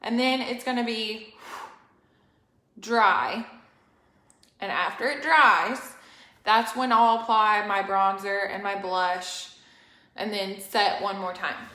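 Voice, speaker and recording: A woman's voice: mid-range voice, slow, long pauses, bright, forceful tone. A young woman hosting a casual live-stream makeup tutorial, chatty and rambling, a bit out of breath. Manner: chatty, rambling, apologetic asides. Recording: echoey room.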